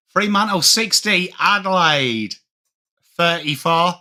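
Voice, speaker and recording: A high-voiced man with a bright, sharp tone chats casually with his viewers on a live watchalong. He calls the match as it happens, and his voice jumps up in excitement on big plays. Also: measured pace, pauses often. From England. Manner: chatty, reads out viewer comments, rises excitedly on plays. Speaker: watchalong streamer. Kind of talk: live game commentary mixed with chat.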